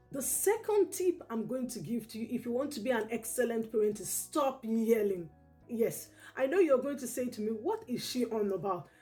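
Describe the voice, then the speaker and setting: Woman, parenting educator, earnest, repetitive, fairly high mellow voice, faint background music. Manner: earnest, repetitive, peppers talk with "okay?". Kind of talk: direct-to-camera parenting advice.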